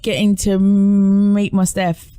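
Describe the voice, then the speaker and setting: Animated woman, chatty interview guest, rambling tales with big pitch leaps, dry close studio mic. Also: slow pace, clear, resonant tone, no echo. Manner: animated, rambling storytelling with lively pitch jumps. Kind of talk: casual interview chat. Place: radio studio.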